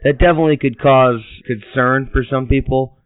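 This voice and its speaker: A man's voice: medium pitch, fairly even intonation, moderate pace, a little hiss or hum. A man hosting a casual interview, asking questions in a joking, mock-formal way. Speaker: host. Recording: tinny phone-like line.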